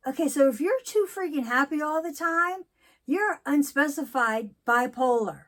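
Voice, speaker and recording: A woman in her sixties talking candidly in a personal vlog, telling stories and reflecting slowly. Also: fairly high pitch. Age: 60s. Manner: candid storytelling, slow and reflective. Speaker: vlogger.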